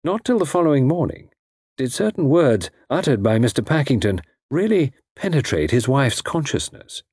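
A man's voice: medium pitch, sing-song, moderate pace, darkish tone, breathy edge, dry recording, studio quality. A man narrating a story as an audiobook, reading expressively with a wry tone.

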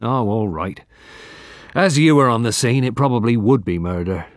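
A man's voice: mid-range voice, expressive, moderate pace, dry recording, natural voice. Guy voicing a skeptical police major, plain and matter-of-fact, dry mic. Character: practical middle-aged male police major, skeptical.

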